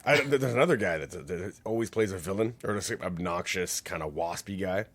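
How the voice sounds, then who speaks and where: Man, lowish voice, casual podcast chat, rambling, chuckles through stories. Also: expressive, a little fast, a bit bright. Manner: rambling, laughs while retelling scenes. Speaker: podcast co-host. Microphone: podcast mic.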